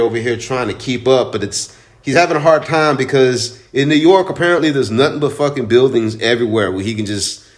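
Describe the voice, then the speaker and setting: A man who owns a comic shop, casually recapping a comic book in a rambling, profane, chatty way. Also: mid-range voice. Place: own store in Houston.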